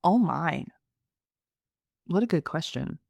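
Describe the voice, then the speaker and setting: Low-voiced laughing woman podcast host. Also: takes it slowly, creaky, breathy edge, dry recording. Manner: laughing, animated, self-mocking. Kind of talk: casual chat.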